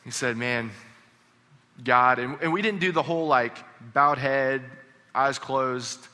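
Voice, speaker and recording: A man preaching a sermon, telling a story earnestly and dropping to a hush on key lines. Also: medium pitch, a little slow. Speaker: pastor. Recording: long reverb of a large hall.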